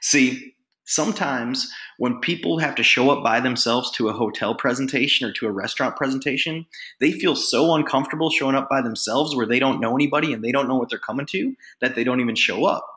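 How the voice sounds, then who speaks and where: A man's voice: medium pitch, a little fast, fairly bright tone. A man giving a motivational sales training talk, speaking emphatically and acting out sample phone calls.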